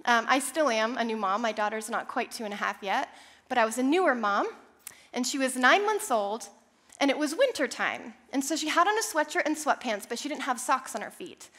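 A young woman preaching a sermon, telling a personal story with animated, self-deprecating humor. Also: a little high, brisk. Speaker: church speaker.

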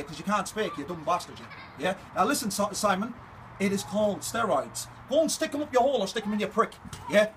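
A man with a strikingly high voice fires off a fight challenge at speed, taunting and repeating his points. His talk is aggressive and insistent, with faint ambient noise behind him. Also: a bit bright. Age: adult, older than 21. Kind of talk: confrontational video message.

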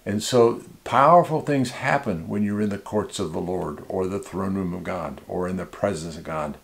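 A pastor with a low, gravelly voice speaks at normal speed, preaching a conversational sermon to a small church. His teaching is informal, with frequent restarts and repeated words.

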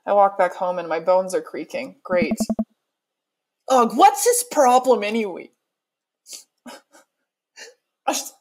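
A woman's voice: mid-range voice, expressive, slow, pauses often, a little mellow, poor audio. A woman playing a story game, reading its lines aloud and breaking off with sarcastic, self-mocking asides. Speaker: let's player.

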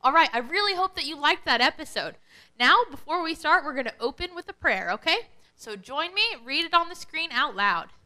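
A woman leading a children's worship lesson, speaking in an animated, sing-song way to kids. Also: sits high, fairly quick, rough recording.

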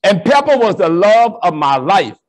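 A man who is a Catholic priest, giving a joking, animated storytelling talk to an audience of educators. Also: high voice, normal speed. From New Orleans. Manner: animated, joking, plays to the crowd.

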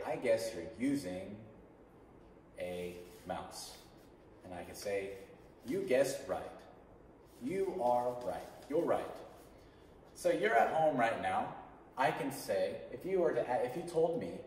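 A man's voice: mid-range voice, a little mellow, a little hiss or hum. A man teaching an online English class, patiently drilling sentence patterns for students to repeat. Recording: echoey room from a distance.

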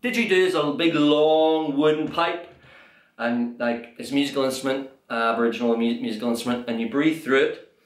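A young man leading an energetic children's drum class, counting out loud and cheering the kids on. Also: medium pitch, a little fast. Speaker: drum workshop leader. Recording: echoey room with drum music.

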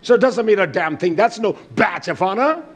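With a husky voice and a brisk, expressive delivery, an older preacher alternates between booming, forceful statements and quiet mumbled asides. He speaks bluntly and throws out rhetorical questions.

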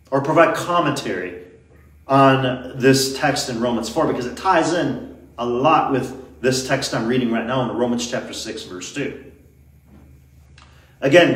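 Emphatic preacher man in an echoey church. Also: fairly high pitch. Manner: emphatic, slows down to stress key words. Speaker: pastor. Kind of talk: expository sermon. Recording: echoey church hall, mic at a distance.

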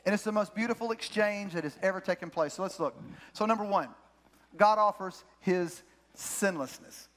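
A man's voice: sits high, quick pace, a bit bright. A man, a pastor, preaching a sermon in church, telling a story with energy and repeating his key phrases for emphasis. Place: church sanctuary.

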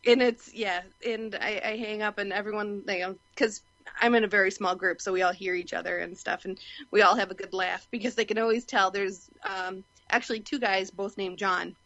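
A woman's voice: mid-range voice, moderate pace, no room sound. Woman with a slightly dull, dry sound. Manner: relaxed, lots of murmured agreement. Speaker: podcast co-host. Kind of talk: casual chat.

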